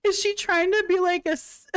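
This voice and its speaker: A woman's voice: very high-pitched, flat delivery, normal speed, no echo, clean studio sound. A woman hosting a livestream, giving sarcastic reaction commentary with frequent laughs and swearing.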